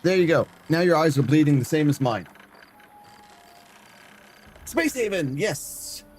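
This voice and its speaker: A man's voice: fairly high pitch, fast, music in the background. A man from Canada, a variety streamer chatting casually and jokingly with his live-stream chat.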